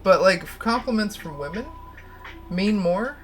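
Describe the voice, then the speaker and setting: Music plays behind a livestream host whose mid-range voice is animated but a little slow. It's casual, rambling stream talk, candid throughout, with plenty of laughing and cursing.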